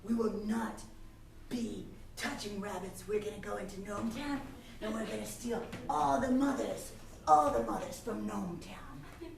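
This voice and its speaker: A woman improvising a tough, scheming male gnome gang boss with boastful, gruff threats on a theatre stage. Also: medium pitch, measured pace. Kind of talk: live improv comedy. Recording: echoey stage, distant mic, faint noise.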